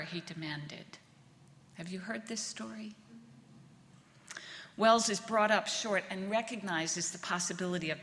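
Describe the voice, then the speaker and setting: A woman minister giving a reflective sermon, speaking gently and letting words trail off softly. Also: fairly low pitch. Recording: long reverb of a large hall.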